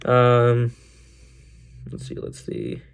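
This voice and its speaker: A young man talks through sports news on his own podcast at a mid-range pitch. He rambles loosely, restarts his sentences and fills pauses, then jumps up with excitement. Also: creaky, smooth. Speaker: podcast host. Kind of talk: casual solo sports chat.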